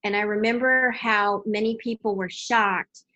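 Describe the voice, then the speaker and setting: A woman's voice: mid-range voice, fairly even intonation, measured pace, sharp tone, lo-fi sound. A woman, a parent of young athletes, reminiscing in a casual chat and often repeating words as she starts a sentence. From Texas. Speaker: parent of water polo players.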